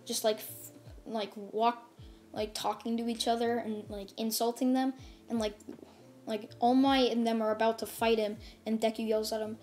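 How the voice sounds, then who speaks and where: A woman hosting a channel retells a fan story casually, rambling and leaning on "like" and "and stuff." Her fairly high voice is flat and slightly dark in tone, at a moderate pace, with faint music in the background.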